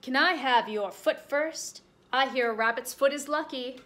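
A woman voicing a hungry, easygoing bear in a picture book read-aloud, with a slow, drawn-out delivery. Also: sits high, bright, forceful tone. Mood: insistent.

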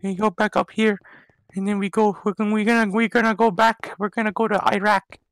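A man's voice: high voice, level tone, fairly quick, gravelly, a bit bright, rough recording. A man voicing a naive, rambling young boy who narrates his gameplay in broken, childlike grammar with silly, random tangents. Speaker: game commentator. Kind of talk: comedic gameplay commentary.

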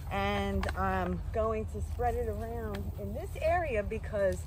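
A woman's voice: mid-range voice, poor audio. A woman chatting earnestly while walking outdoors in the woods, out of breath. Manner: chatty and earnest, self-described spiritual practitioner. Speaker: vlogger. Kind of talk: casual walking vlog. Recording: outdoor field recording with noise.

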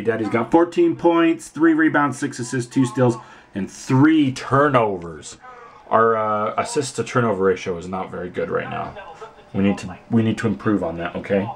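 A vlogger dad films a casual family vlog at home on a handheld camera, joking around and cooing at his little sons. His fairly low-pitched voice moves at normal speed, slipping into playful silly voices and baby talk for the boys. The recording quality is low.

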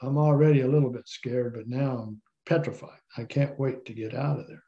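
A middle-aged man, a guest in an interview, telling a long personal story in an animated way. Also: medium pitch, a little fast. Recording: slightly dull, lo-fi sound.

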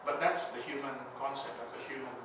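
A man's voice: medium pitch, steady tone, fairly quick. A man giving a casual Bible school lecture, talking conversationally and checking in with the class with frequent questions. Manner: conversational, asks the class "right?" often, acts out scenarios. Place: church classroom. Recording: echoey room, far mic, background noise.

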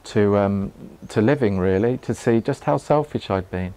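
A man, giving a live talk to a group in a room, earnest and halting, often restarting his words and laughing. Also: on the low side, dark tone. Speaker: meditation teacher. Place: room with an audience.

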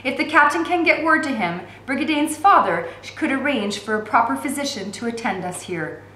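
A woman reading aloud, voicing a gruff, greedy male prison bully who speaks in a crude snarl. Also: high voice, lively intonation, moderate pace, bright, forceful tone, reverberant, a little hiss or hum, voice pushed up, poor audio. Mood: scheming.

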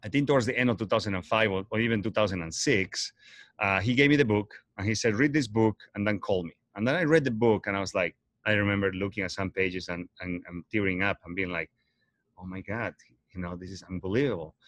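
A man with a somewhat low voice, talking in a casual livestream. He is earnest and rambles, looping back and correcting himself as he goes. The sound is dry and close to the mic. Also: fast, a bit bright, no echo. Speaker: host.

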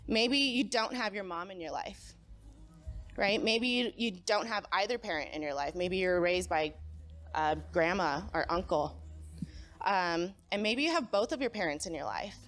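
A young woman gives a personal testimony to a church crowd, her voice pitched in a middle range. She talks casually and conversationally and keeps pulling the room in with quick questions. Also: lively intonation, fairly bright tone. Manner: casual and conversational, often asks the crowd "right?"; engages the audience, asks them to call out. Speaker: speaker at a young adults' church gathering.

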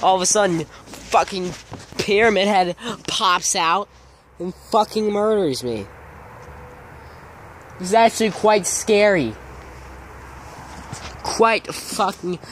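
A young man rants to his phone camera outdoors in fog, cursing in almost every sentence. He talks in a slow, drawn-out way, and a faint hiss sits under his voice. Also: high voice, a bit bright. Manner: swears constantly, grumbling and ranting. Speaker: vlogger. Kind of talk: casual profane rant to camera. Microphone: phone camera held by the speaker.

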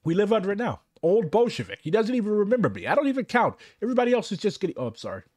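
A young man from Missouri giving casual livestream commentary, ranting in a profane, animated way. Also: high voice, rapid-fire, no room sound. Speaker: streamer.

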